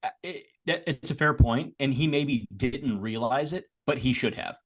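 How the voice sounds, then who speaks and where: A man co-hosting a casual sports podcast, talking in a rambling way with restarts, getting animated as he makes his points. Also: mid-range voice, normal speed. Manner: rambling, frequent restarts and repeated words. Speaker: podcast co-host.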